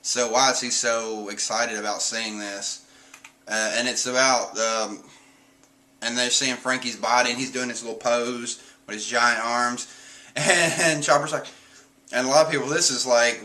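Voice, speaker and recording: Male streamer, bright tone, chatty chapter recap that jumps into squeaky impressions. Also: poor audio. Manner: animated, jumps into squeaky voices for quotes. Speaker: host reviewing manga chapters. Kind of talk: casual recap with quick character voices.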